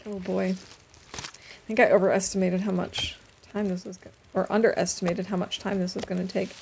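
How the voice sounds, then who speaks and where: A young adult woman streamer chatting casually while playing a game, reading chat aloud and dropping quiet asides. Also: medium pitch, little pitch movement, a little fast, gravelly, slight background noise. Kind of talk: casual gameplay commentary.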